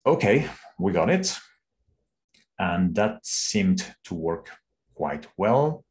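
A man, an engineer, walking through a live coding demo on a call, thinking aloud in an unhurried way with restarts. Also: sits low. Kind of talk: screen-share coding walkthrough.

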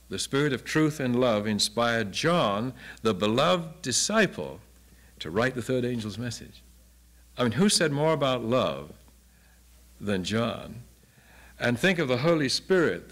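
A man's voice: medium pitch, a bit bright. Earnest older man teaching the Bible. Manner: earnest, asks many rhetorical questions. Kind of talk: Bible lecture.

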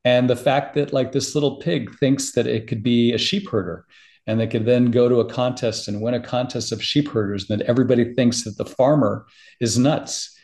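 A middle-aged man, a podcast guest, talking in casual interview chat with an emotional, animated storytelling manner. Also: mid-range voice, normal speed, gravelly.

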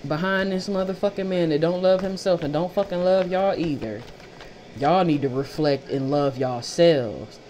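A woman's voice: lowish voice, a little slow, darkish tone. A woman giving a casual tarot reading who talks bluntly, swears freely and repeats phrases for emphasis. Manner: blunt, profane and fired up. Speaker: tarot reader.

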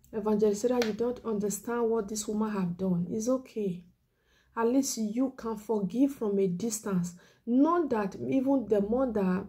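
A woman with a slightly high, warm voice preaches an earnest, pleading exhortation sermon. Moved almost to tears, she repeats her points and at times hushes to a whisper on the key words.

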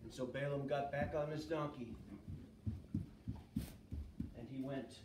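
A man leading children's church speaks slowly in a mid-range voice, telling a Bible story energetically and quizzing the kids along the way. The clip comes from a church kids' room, sounding echoey, far from the mic, and lightly noisy.

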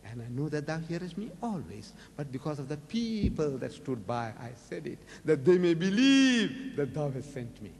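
Older South African man, lecturer-preacher, high and very animated, reverberant hall recording. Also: normal speed, vocal fry, hardly any pauses. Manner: rhetorical questioning, dramatic rises in pitch. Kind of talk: public lecture on religion.

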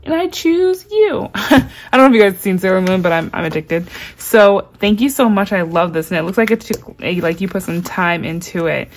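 Gushing excited woman unboxing. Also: lowish voice. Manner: gushing and excitable, reads cards aloud slowly. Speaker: unboxing vlogger. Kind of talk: casual unboxing chat.

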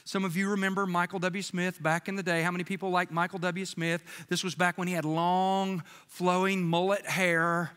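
A man's voice: high-pitched, moderate pace, hardly any pauses, clean tone. A man preaching a sermon as pastor, telling stories with jokey asides and voicing the people he quotes. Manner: animated storytelling, jokey asides, quoting others in voices. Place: church sanctuary. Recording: church sanctuary with long reverb.

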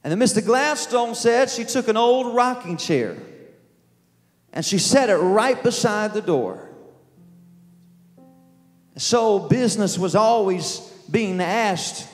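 Slow, high-voiced preaching man. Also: lively intonation, in a large hall. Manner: slow, emotional storytelling with quoted voices. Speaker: pastor. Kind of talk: sermon storytelling. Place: church sanctuary. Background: soft music.

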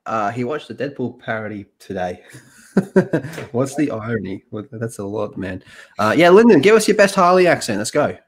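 A man's voice: medium pitch, very animated, moderate pace, breathy edge. A man hosting a casual reaction podcast, reading news aloud and trading profane jokes with co-hosts. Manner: joking, profane, banter with co-hosts.

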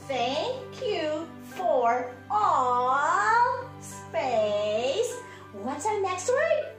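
A woman, a preschool teacher, giving a slow, sing-song morning lesson to small children. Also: high-pitched, reverberant. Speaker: pre-K teacher.

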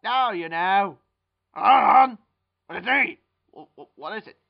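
Goofy young guy doing gravelly cartoon voices. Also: high-pitched, lively intonation, measured pace. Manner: goofy, jumps between put-on character voices. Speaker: fan dub voice actor doing all the characters. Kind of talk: comedic fan-dub voice acting. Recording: muffled lo-fi home recording.

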